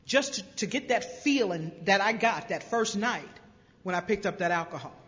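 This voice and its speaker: A woman from South Carolina tells her recovery story from a stage, bright and forceful, acting out voices with wry humor. The recording is dull and lo-fi, and long reverb hangs in the big convention hall. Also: mid-range voice, normal speed. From Greenville, South Carolina. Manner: lively storyteller who acts out voices with humor. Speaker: recovery speaker. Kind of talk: personal recovery story told to a crowd.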